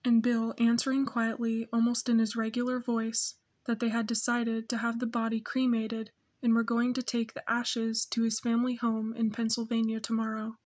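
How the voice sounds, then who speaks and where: Reading from a novel, this female audiobook narrator sounds somewhat high-pitched. Her narration stays calm, paced, and clearly scripted.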